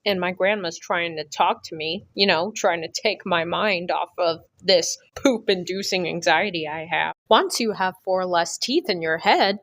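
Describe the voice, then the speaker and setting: A woman's voice: on the low side, fairly bright tone, dry recording. A young woman telling a comedic storytime, sarcastic and crude, with exaggerated jokes. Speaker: storytime vlogger.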